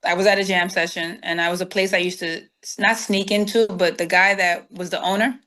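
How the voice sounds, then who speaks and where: A woman's voice: fairly low pitch, a little fast. A woman guest, telling stories in an interview and acting out the voices of the people in them. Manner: animated storyteller acting out quoted dialogue. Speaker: guest saxophonist. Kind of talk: storytelling interview.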